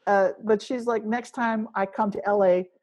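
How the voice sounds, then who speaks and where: Husky lady musician just chatting, lots of restarts, kinda rambly. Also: medium pitch, steady tone, moderate pace, a little mellow. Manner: rambling, many restarts, thinking aloud. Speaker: musician guest. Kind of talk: casual interview talk.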